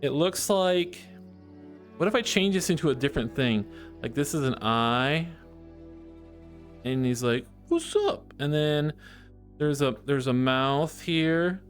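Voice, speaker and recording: A man's voice: on the high side, measured pace, pauses often, soft background music. A man chatting playfully with his live-stream chat, joking and drawing as he talks. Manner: playful and goofy, jokes with chat.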